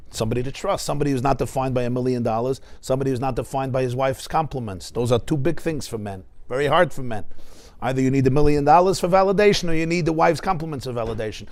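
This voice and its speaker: A man, a rabbi, teaching a class with animated stories and rhetorical questions. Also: mid-range voice. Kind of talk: Torah class lecture.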